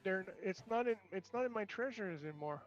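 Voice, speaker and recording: A man's voice: high voice, animated, a little fast. A man playing in a tabletop game, chatting casually with wry, joking asides. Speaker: player. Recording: dull lo-fi audio.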